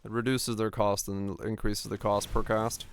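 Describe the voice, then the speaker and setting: A man with a low, gravelly voice talks his way through a game stream. He rambles and answers questions from chat as he plays. A faint hiss sits under the recording. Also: level tone, moderate pace. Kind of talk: casual gameplay commentary.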